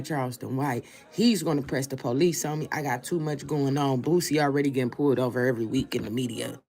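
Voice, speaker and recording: Emphatic woman giving opinions, husky. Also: sits low, mellow. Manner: emphatic, repeats points for stress. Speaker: commentary show host. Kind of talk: opinion commentary.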